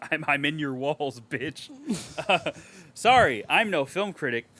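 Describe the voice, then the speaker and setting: A man with a fairly high, bright, forceful voice co-hosts a casual movie podcast. He reads a review out loud and keeps breaking off to tear into it, sarcastic and full of swearing. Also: animated, slow pace. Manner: reads a review aloud and rants at it with sarcastic, profane outbursts. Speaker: podcast co-host.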